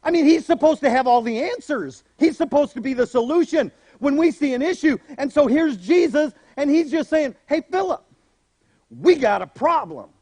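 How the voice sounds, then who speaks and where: A man pastor preaching a sermon, animated, acting out voices in the story he tells. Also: very high voice, moderate pace, few pauses, no echo.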